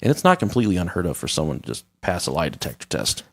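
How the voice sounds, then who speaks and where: A man's voice: sits low, very animated, very fast, vocal fry. A man hosting a podcast in casual, crude comedy chat, joking irreverently and reading articles aloud with asides. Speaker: podcast host.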